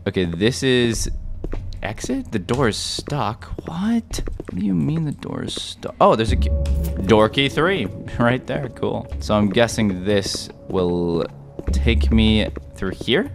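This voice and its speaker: A young man playing a horror game and commenting, swinging from low mumbles to shrill yelps. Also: slow, vocal fry. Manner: excitable, flips from mumbling to high-pitched yelps. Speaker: gaming YouTuber. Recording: game music behind the voice.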